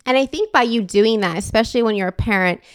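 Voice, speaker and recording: Earnest woman podcast host, crisp and dry. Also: fairly high pitch, fast, no room sound. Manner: earnest, emotional storytelling. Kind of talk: casual podcast conversation.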